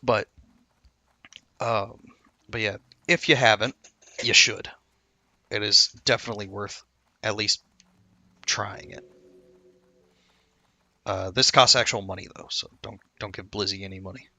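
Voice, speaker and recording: A man's voice: lowish voice, fairly even intonation, a little slow, gravelly, long pauses, pushed and bright, no room sound. A man giving casual, rambling commentary while playing a game, muttering asides and cracking jokes. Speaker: gaming YouTuber.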